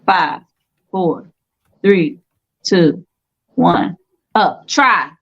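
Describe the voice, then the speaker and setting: A woman's voice: lowish voice, very slow, lo-fi sound. A woman hosting a casual online quiz show, playful and teasing with the players. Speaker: game show host.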